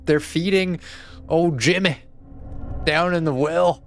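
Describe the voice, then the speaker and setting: A man's voice: on the high side, slow pace, a little hiss or hum. A man, a therapist, giving amused let's-play commentary with laughing asides. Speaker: therapist playing a game.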